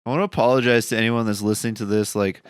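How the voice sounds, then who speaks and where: A young man co-hosting a podcast in casual chat, wry and deadpan, sometimes reading items out from a list. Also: lowish voice, racing, a little hiss or hum. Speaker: podcast co-host.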